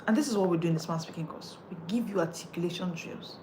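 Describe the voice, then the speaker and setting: A woman's voice: lowish voice, fast, warm tone, slight background noise. A woman, coaching listeners on how they speak, emphatic and repetitive as she drives each point home. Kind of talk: motivational coaching talk.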